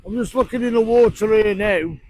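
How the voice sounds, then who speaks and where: A man, talking casually for a fishing vlog in a blunt, sweary, ranting way, outdoors on a beach at night by rough surf. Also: high-pitched, fairly quick, darkish tone, a little hiss or hum. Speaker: fishing vlogger.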